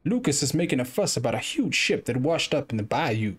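A man's voice: mid-range voice, very animated, fairly quick, breathy edge. A man reading a game note aloud as a rural bayou man, in a put-on Southern US accent with an exaggerated drawl. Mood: matter-of-fact.

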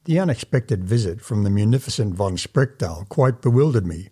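A man narrating an old first-person story as a measured, formal audiobook reading. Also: lowish voice, expressive, warm tone, husky.

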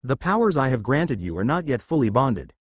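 A man's voice: medium pitch, very animated, fairly quick, slightly rough, dry recording. A man voicing a scheming, possessive sorceress queen who speaks through a possessed boy, in a cold and commanding manner, reading a fan-fiction story.

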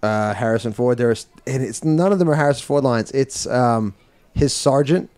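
A man co-hosting a casual podcast, acting out movie lines in lively bursts. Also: medium pitch, moderate pace. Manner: animated, acts out movie quotes in bursts. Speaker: podcast co-host. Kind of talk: casual chat.

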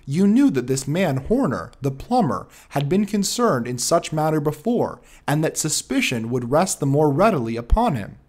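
Crisp commanding detective, quiet and stern, lively delivery, read by a male narrator. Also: a little high. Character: cool, commanding male detective, sharp and dry.

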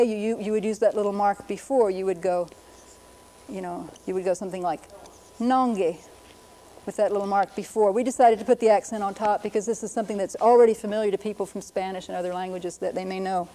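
A woman's voice: mid-range voice, mellow. A middle-aged woman linguist giving a patient, lightly humorous lecture on writing systems. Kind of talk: classroom-style lecture.

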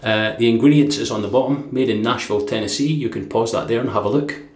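A man's voice: medium pitch, fast talker, darkish tone. A Scottish man from Dundee chatting casually through a product review, rambling with fillers and chuckles. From Dundee, Scotland. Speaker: shaving vlogger. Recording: echoey room.

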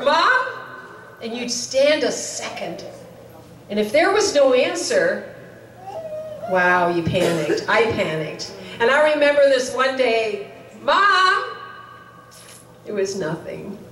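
A woman preaching a sermon in a chapel with earnest urgency, repeating her key lines for emphasis. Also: fairly high pitch. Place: chapel hall. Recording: roomy, distant mic, faint noise.

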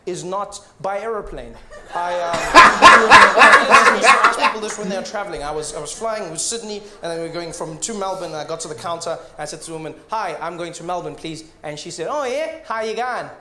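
A man doing a stand-up comedy set on a festival stage, animated and mimicking voices. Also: high-pitched, a little fast. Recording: echoey live venue with crowd. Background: audience laughter.

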